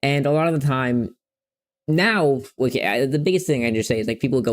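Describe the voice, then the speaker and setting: A man's voice: medium pitch, moderate pace. A young man in his twenties chatting casually and frankly while playing a game, rambling and swearing freely. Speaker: streamer. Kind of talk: casual gameplay chat.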